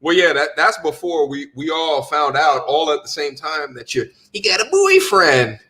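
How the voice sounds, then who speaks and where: A man co-hosting a live talk stream, giving playful shout-outs and casual banter. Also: a little high, steady tone, moderate pace. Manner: hyped, playful shout-outs, laughing often. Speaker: livestream co-host reading super chats.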